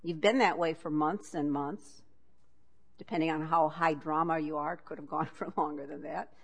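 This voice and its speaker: A woman's voice: deep voice, fairly even intonation, moderate pace, husky. A woman giving a conversational talk, reading passages from a book and adding wry asides with frequent chuckles.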